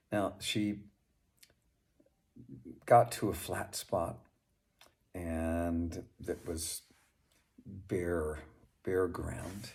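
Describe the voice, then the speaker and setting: A man with a very low voice tells a folk tale at a slow, easy pace. He drops casual asides to the listener between the plot beats, as a storyteller sharing a tale. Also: darkish tone. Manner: unhurried, chatty asides to the listener. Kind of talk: storytelling narration.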